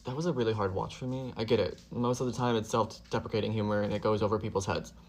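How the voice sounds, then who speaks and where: A man's voice: on the low side, a little hiss or hum. A man commenting bluntly on a video, exasperated and sometimes swearing. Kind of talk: casual commentary.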